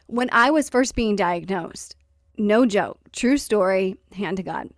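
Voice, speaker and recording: A woman's voice: medium pitch, a little slow, dry recording, studio quality. A woman hosting a podcast, telling stories in a casual, wry way, acting out quotes and laughing along. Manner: lively, wry storytelling with acted-out quotes and laughter. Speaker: podcast host. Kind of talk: casual storytelling chat.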